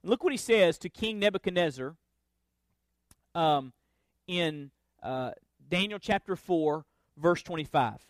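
Preaching in a strikingly high voice, this pastor builds his sermon on forceful, recurring refrains. He is expressive, keeps a measured pace, and pauses often, while the recording is close and dry with no echo or room sound.

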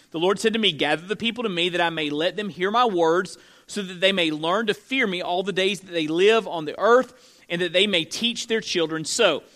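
A pastor from Florida preaching to his congregation in a high, bright voice. He talks conversationally, slipping in joking asides between Scripture readings. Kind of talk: sermon.

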